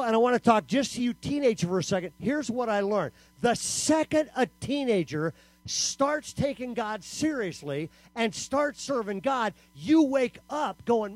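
High-voiced animated male preacher. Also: no echo. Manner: storytelling, punchy, acts out quotes. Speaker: youth camp speaker. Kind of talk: animated sermon to teenagers.

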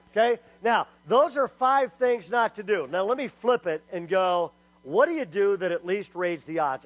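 A man's voice: high-pitched, no echo, poor audio. A middle-aged man preaching a sermon as a pastor, telling stories with acted quotes and joking asides to the congregation. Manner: lively storytelling with acted quotes and asides to the crowd.

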